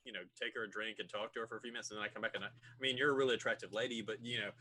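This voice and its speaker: A man's voice: lowish voice, steady tone, very fast, pushed and bright, pitched below the performer's own voice. A man voicing an awkward young male hunter in a tabletop game, who talks hesitantly with many fillers. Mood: unsure.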